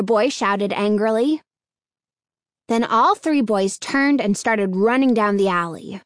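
A woman narrating a children's chapter book in a steady, clear storytelling manner. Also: mid-range voice, slow, no echo, clean studio sound. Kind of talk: scripted audiobook narration.

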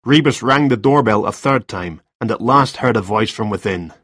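A man narrating a crime novel audiobook in a measured, even way. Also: on the low side, dry recording, studio quality.

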